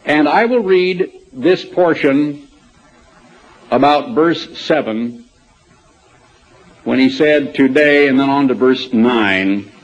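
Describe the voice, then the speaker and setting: A man's voice: medium pitch, slow, long pauses. A man preaching a sermon in a conversational way, reading aloud and adding asides and rhetorical questions. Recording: dull lo-fi sermon tape.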